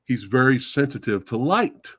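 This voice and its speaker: A man hosting a casual movie review chat, gushing and excitable, swearing freely. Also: mid-range voice, moderate pace, slightly rough, no echo. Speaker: podcast host.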